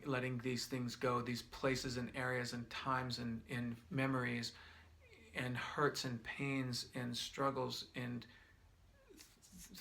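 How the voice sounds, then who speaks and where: A middle-aged man leading a guided breathing demonstration as a wellness instructor, talking gently and repetitively, thinking aloud with restarts, his eyes tearing up. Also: medium pitch, vocal fry.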